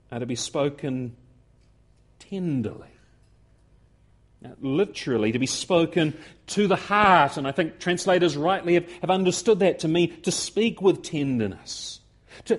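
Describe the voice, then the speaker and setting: A man delivers a sermon in a fairly high voice. He speaks earnestly, often repeating phrases and pushing harder as his points build. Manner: earnest, repeats words, rising emphasis. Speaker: preacher.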